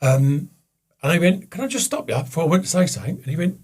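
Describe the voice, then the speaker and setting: A man guest with a husky voice, telling a candid, sweary personal story in casual chat and acting out the voices of the people he quotes. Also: fairly high pitch, lively intonation, fast talker.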